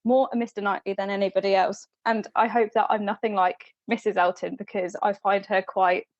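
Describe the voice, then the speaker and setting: A woman's voice: medium pitch, little pitch movement, no echo, highs cut off. Chatty woman, dry sound. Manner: chatty, laughs often, mimics characters in quick asides. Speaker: podcast host. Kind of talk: casual chat.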